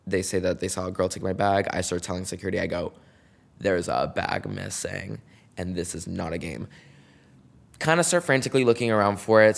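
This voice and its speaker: A man hosting his own podcast, telling a story in a chatty, dramatic way with lots of slang and "like". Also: lowish voice. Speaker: podcast host. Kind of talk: casual solo storytelling.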